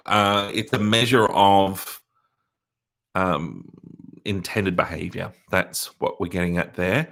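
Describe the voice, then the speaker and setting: A man, a university lecturer explaining methods in a live-streamed Q&A, measured and pausing often with ums. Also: deep voice, a bit bright. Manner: measured, explanatory, with frequent hesitations. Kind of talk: live-streamed Q&A on a lab report.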